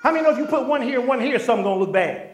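A male pastor preaching a sermon, animated, throwing call-and-response questions to the congregation. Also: very high voice, rapid-fire. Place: church sanctuary. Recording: echoey church hall.

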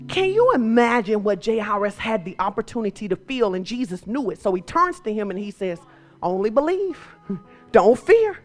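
High-voiced woman preaching a sermon. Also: big pitch swings, moderate pace, faint music behind. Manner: swings from quiet storytelling to loud shouted exhortation.

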